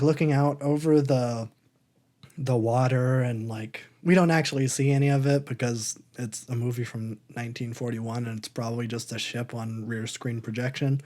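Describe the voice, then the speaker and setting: Dude rambling on a podcast, wry and hedgy, lots of trailing off, mid-pitched voice. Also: male voice, darkish tone. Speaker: podcast co-host. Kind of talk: casual chat.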